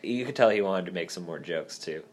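Low-voiced joking male podcast host. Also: a little fast. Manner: joking, rambling, laughs often. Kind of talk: casual podcast chat.

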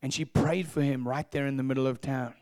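A man preaching a sermon as pastor, telling stories in an animated way and acting out voices. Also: medium pitch, fairly quick, no echo, clean studio sound. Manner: animated, acts out voices, laughs at own stories. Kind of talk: sermon storytelling.

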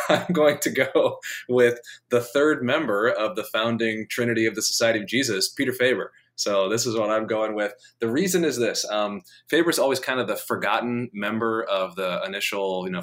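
A man's voice: fairly low pitch, a bit bright. A man co-hosting a podcast, talking earnestly and at length with playful sports banter. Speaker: podcast co-host. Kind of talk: casual chat.

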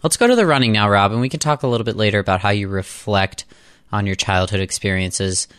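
A man hosting a podcast interview, asking questions in a gentle, friendly way. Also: fairly low pitch, fast talker, clean tone, no echo, clean studio sound. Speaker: podcast host.

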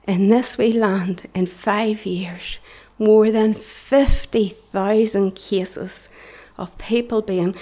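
A woman's voice: medium pitch, fairly even intonation, takes it slowly, few pauses, dark tone. Earnest Northern Irish woman preaching. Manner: earnest and impassioned, dropping into whispers. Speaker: church testimony speaker. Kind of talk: preaching testimony. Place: church.

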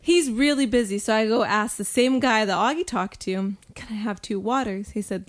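A woman's voice: mid-range voice, fairly quick. A young woman telling a story in casual podcast chat, blunt and swearing when annoyed. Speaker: podcast co-host.

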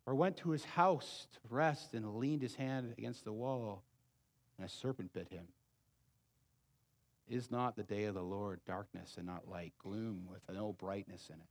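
A man preaching a sermon as pastor, pleading and emphatic, swinging between loud urgent passages and quiet low asides. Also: unhurried.

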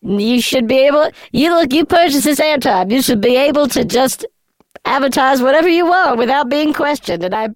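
A woman playing a baffled, politely deadpan intruder in an improvised comedy commercial. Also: sits high, moderate pace, no echo. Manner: deadpan, repetitive questioning.

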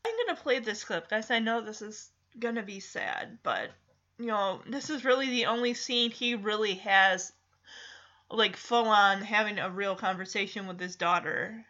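A woman casually retelling a movie's plot, animated and acting out the characters' lines. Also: mid-range voice, moderate pace, dull audio. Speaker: film recap host.

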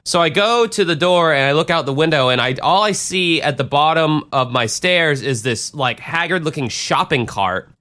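A man's voice: a little high, animated, moderate pace, hardly any pauses, bright, forceful tone. A man hosting a podcast, telling a profane, rambling story in a self-deprecating way. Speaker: podcast host and DJ. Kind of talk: casual storytelling.

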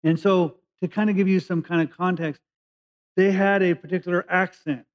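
A man's voice: sits high, fairly even intonation, normal speed. Man preaching a conversational sermon, lo-fi. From California. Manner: conversational preaching, restarts, rising emphasis on key words. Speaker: pastor. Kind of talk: sermon, Bible teaching. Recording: dull lo-fi recording.

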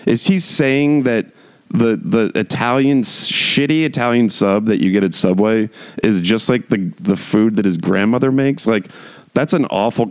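Podcast host type: deep, gravelly male voice, dry close sound, loose and rambling with wry asides. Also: darkish tone, no room sound. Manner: rambling, heavy use of "like", frequent restarts. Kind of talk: casual monologue chat.

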